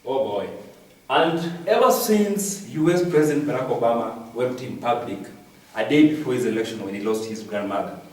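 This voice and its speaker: A man's voice: medium pitch, expressive, moderate pace, a little mellow. A Kenyan man doing a satirical comic news monologue, repeating each punchline with "I'm telling you.". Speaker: comedian. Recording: very echoey, distant from the mic.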